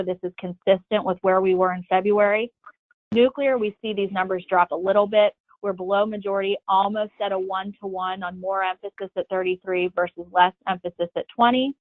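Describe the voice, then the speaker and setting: A woman's voice: medium pitch, dry recording. Woman presenting poll results over a phone line. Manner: steady, methodical walkthrough of slides. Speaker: pollster presenting survey results. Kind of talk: webinar presentation. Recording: tinny phone-line audio, dry.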